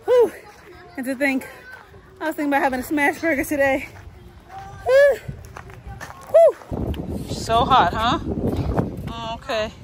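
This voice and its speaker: Playful young mom with a higher voice. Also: female voice, moderate pace, long pauses, a crowd in the background, background noise. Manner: playful, upbeat talk with her kids. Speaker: mother and vlog host. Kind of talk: casual family vlog.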